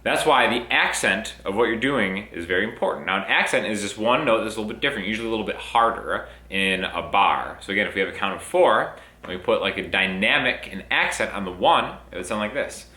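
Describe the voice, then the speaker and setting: A man's voice: fairly low pitch, animated, fast, few pauses, bright, forceful tone. A young man teaching a casual guitar lesson in an upbeat way, counting beats aloud while he plays. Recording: roomy with guitar playing.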